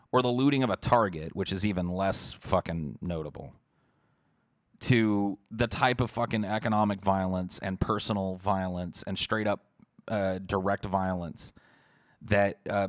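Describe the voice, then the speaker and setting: A man's voice: sits low, no echo, clean studio sound. A podcast host, a man, giving a heated, profane livestream rant while answering chat messages.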